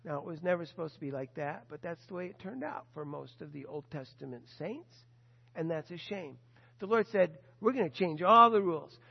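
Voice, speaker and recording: A man preaching a sermon, telling a story with lively animation and acting out the people he quotes. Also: a little high, a little fast, vocal fry, husky, in a large hall, highs cut off. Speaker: pastor.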